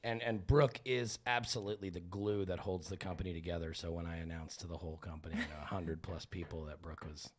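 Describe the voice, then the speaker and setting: A man co-hosting a podcast in casual chat, telling stories in an animated way and jumping into loud acted quotes. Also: sits low, fast, hardly any pauses. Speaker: podcast co-host. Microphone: studio headphones and microphone.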